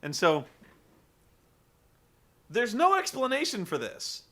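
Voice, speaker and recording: A man casually recapping a wrestling show, animated and joking, swearing freely. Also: high-pitched, takes it slowly. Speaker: podcast host recapping wrestling. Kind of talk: casual chat.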